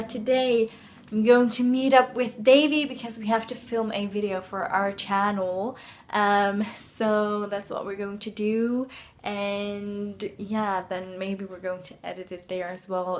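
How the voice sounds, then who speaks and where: A woman's voice: medium pitch, a little hiss or hum. Chatty young Dutch woman vlogging. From Netherlands. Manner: rambling and chatty, laughs often, many fillers. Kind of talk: casual vlog chat. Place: her bedroom at home.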